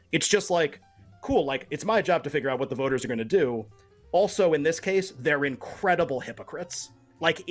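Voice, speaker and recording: A man co-hosting a sports betting podcast, arguing his point in a quick, animated way and often cutting himself off mid-sentence. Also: fairly high pitch. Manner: argumentative, animated, self-interrupting. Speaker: podcast co-host. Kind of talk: casual sports betting chat.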